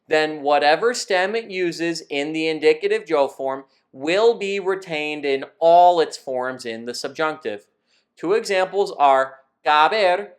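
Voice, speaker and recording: A man teaching Spanish in a scripted lesson, explaining verb rules in a clear, methodical way. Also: on the high side.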